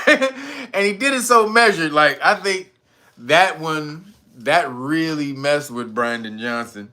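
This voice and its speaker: A man hosting a casual news commentary show, talking in a profane, slangy way and acting out quotes in loud high voices between laughs. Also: sing-song, measured pace. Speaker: commentary podcast host.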